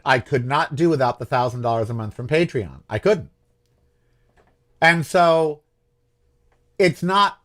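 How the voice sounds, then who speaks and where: Male host, somewhat high pitch, loose self-questioning monologue, frustrated and rambling. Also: a bit bright. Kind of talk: casual political monologue.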